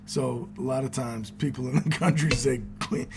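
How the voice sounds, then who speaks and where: A man's voice: medium pitch, fairly even intonation, moderate pace, vocal fry, over music. A man co-hosting a casual sports talk show, with dry, matter-of-fact banter.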